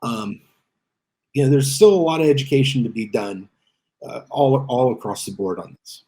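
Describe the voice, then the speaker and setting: Halting, mellow-voiced male teacher. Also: mid-range voice, expressive. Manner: halting, reflective, many fillers. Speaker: teacher guest. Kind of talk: panel discussion.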